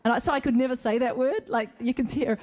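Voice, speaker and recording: A woman's voice: a little high, fairly even intonation, fast talker, darkish tone. A middle-aged woman answering fan questions on a convention stage in a chatty, rambling way, laughing often. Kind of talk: casual stage Q&A. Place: convention stage before an audience.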